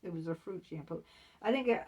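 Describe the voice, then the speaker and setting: A woman's voice: fairly low pitch, brisk, dark tone, husky, recorded from a distance, muffled recording. A woman telling a candid personal story in a casual vlog, chatty and laughing between lines. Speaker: author and vlogger.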